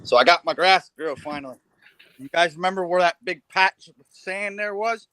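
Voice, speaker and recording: A man's voice: sits high, normal speed, sharp tone, smooth, dry recording. A man on a live video chat, cracking jokes casually. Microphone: video call.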